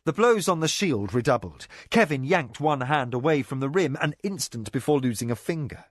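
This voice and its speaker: A man narrating a fantasy novel in an expressive, dramatic reading. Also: mid-range voice, no echo, clean studio sound. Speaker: audiobook narrator. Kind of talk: scripted narration.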